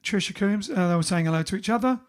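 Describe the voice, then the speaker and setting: A bandleader hosts an informal livestream from his home under lockdown, working through viewers' greetings one by one in a chatty manner. He talks fast in a high voice.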